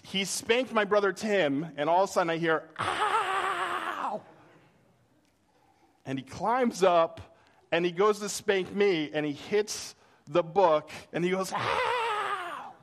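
A middle-aged man preaching a sermon, telling a childhood story with animated delivery and acting out the voices in it. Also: high voice, a little slow. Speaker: pastor.

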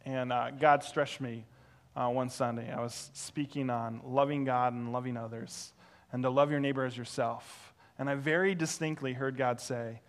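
A male pastor preaching through a personal story, animated and self-deprecating, acting out the voices he quotes. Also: medium pitch, moderate pace. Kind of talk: sermon storytelling.

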